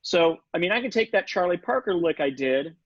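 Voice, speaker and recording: A man's voice: high voice, animated, brisk. A man teaching saxophone in an online lesson, casual and chatty, singing rhythms and articulations with scat syllables over a video call. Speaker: saxophone instructor. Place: home setup for a virtual session. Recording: dull lo-fi video call audio.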